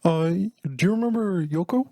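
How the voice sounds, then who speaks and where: A man's voice: high-pitched, normal speed, dark tone, voice pushed up. A man putting on an impression of a middle-aged rock musician, rambling with lots of hesitations. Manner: hesitant, filler-heavy rambling.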